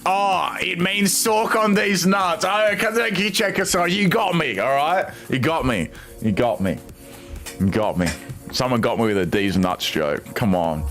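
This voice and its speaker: An Australian man in his twenties talks through a live stream at a slow, unhurried pace, reading viewer chat aloud with amused disbelief. His pitch swings widely, sitting somewhat high for a man. Faint music plays behind him. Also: expressive, fairly bright tone. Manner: amused, reads viewer suggestions aloud with incredulous reactions.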